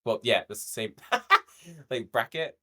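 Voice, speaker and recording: A man's voice: medium pitch, very animated, slow pace, pushed and bright. A young man co-hosting a podcast, chatting casually about a show, laughing often and swearing freely. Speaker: podcast co-host. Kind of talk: casual review chat.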